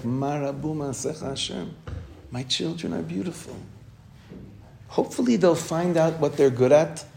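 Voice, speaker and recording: Slightly high with vocal fry and a mellow quality, a man's voice leads a heartfelt Torah class for women as a rabbi. He poses questions to his listeners and answers them himself, repeats phrases for emphasis, and mixes Hebrew terms into his English.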